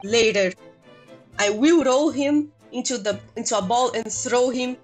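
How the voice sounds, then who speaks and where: A woman voicing a gruff male ship's seaman, putting on a Russian accent in halting, broken phrasing. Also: on the high side, soft background music. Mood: threatening. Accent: put-on Russian.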